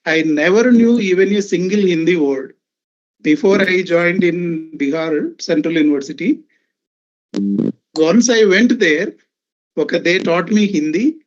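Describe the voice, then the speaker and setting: A man's voice: sits high, unhurried, lo-fi sound. A man from Telangana answering audience questions at a symposium, reassuring and peppered with "actually" and "okay". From Telangana, India. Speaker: symposium resource person.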